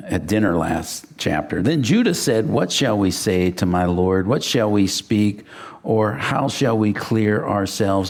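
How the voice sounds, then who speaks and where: A middle-aged male pastor from western Pennsylvania, preaching a verse-by-verse sermon and acting out the people in his stories. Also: deep voice. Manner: animated storyteller, acts out quotes. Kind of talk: sermon with personal story.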